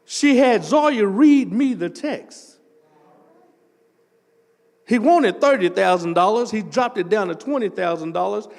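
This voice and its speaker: Older preacher, high animated voice. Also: male voice, a little slow, creaky, long pauses, in a large hall. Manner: animated storytelling, swells into shouting. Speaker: associate pastor. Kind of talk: testimony sermon.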